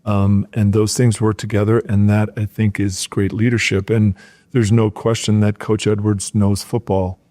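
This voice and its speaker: A man's voice: lowish voice, moderate pace. A middle-aged man from rural Wisconsin, a former football player, telling stories in a casual podcast interview and acting out his old coaches. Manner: animated storyteller, acts out coaches' shouts in a raised voice.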